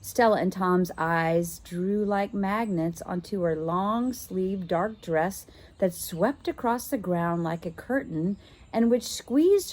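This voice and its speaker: A woman teacher reading a children's chapter book aloud, expressive and now and then stopping to work out a word. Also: medium pitch. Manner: expressive, stops to puzzle out words.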